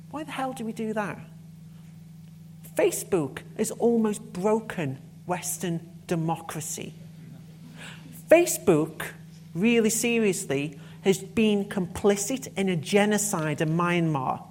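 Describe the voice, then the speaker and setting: A woman's voice: mid-range voice, animated, unhurried, a little mellow, slight background noise. A woman giving a conference talk, passionate and emphatic, with blunt swearing when annoyed. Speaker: conference speaker.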